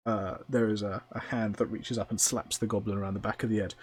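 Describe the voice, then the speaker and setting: A man narrating a tabletop game as game master, describing scenes at length with many pauses. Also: fairly low pitch, little pitch movement, slightly rough, no echo.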